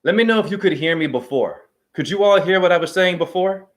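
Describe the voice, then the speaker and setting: A man rambling excitedly and preachily through a livestream monologue from his apartment, jumping from idea to idea. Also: sits high, a little fast. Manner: excitable, preachy, jumps between ideas. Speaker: self-styled spiritual teacher.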